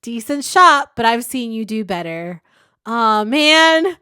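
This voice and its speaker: A young woman hosting a comic reaction video, talking casually, swearing and shouting at the story, then calmly giving advice on writing characters. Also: a little high, slow, clear, resonant tone, no room sound, studio quality. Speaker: webcomic reaction host.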